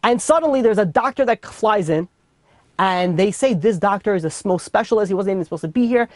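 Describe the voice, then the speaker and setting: A man's voice: high-pitched, expressive, brisk, no room sound. A man with a New York accent teaching an informal Torah class in a casual, chatty way full of fillers and restarts. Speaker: rabbi teaching a weekly class.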